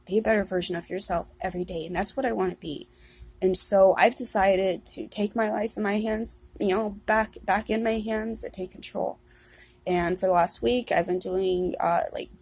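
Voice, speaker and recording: A young woman speaks candidly in a confessional vlog, her voice husky with a gravelly edge. She halts, restarts and swears freely. The sound is dry and close. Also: fairly low pitch, fairly even intonation, darkish tone, no echo. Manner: candid, halting, swears often, many restarts.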